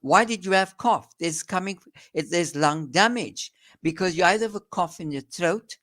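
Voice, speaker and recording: A man's voice: high-pitched, normal speed, fairly bright tone. A man with a South African accent, a doctor explaining in an interview, earnest and emphatic, often restarting his sentences.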